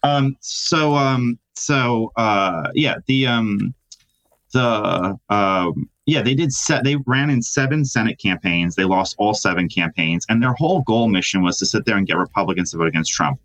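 Male reporter guest, low voice, dry close sound, halting indignant chat. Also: fairly bright tone, dry recording, low-quality recording. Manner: hesitant, full of restarts, indignant. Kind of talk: casual interview chat.

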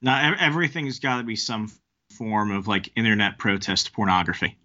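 A man's voice: fairly low pitch, lively intonation, sharp tone. A man hosting a podcast, ranting in casual chat with an exasperated tone. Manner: exasperated, fast ranting with restarts. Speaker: podcast host. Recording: dull lo-fi podcast audio.

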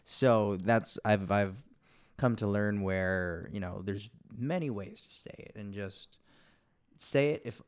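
A man with a low, clear, resonant voice speaks slowly as a guest actor on a podcast. He chats in a laid-back way, laughs often and uses plenty of fillers.

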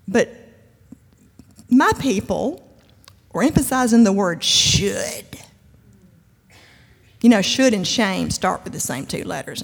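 A woman's voice: mid-range voice, lively intonation, unhurried, gravelly, long pauses, husky. A woman giving a conversational, emphatic sermon-style talk at a church event, with humor and frequent asides. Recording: long hall reverb.

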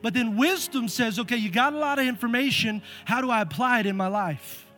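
A middle-aged male pastor preaching a sermon in a church, animated and acting out the voices in his stories. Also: very high-pitched, a little fast. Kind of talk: sermon with storytelling. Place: church sanctuary.

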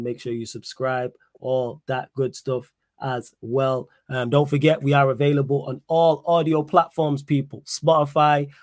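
A young man hosting a casual live-stream podcast, lively and slangy as he answers the chat. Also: mid-range voice, dry recording, studio quality. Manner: animated, reads chat aloud, slangy. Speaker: podcast host.

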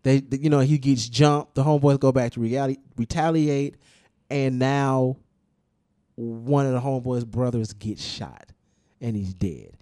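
Man explaining at length, mellow voice. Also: mid-range voice, measured pace, no room sound, clean studio sound. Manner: explains at length, with restarts and emphatic repetition. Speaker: podcast host discussing music. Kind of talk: casual podcast chat.

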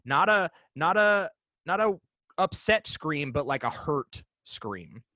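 Bright-voiced man telling a ghost story. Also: on the high side, dry recording. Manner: animated, halting with fillers and restarts. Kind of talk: casual storytelling chat.

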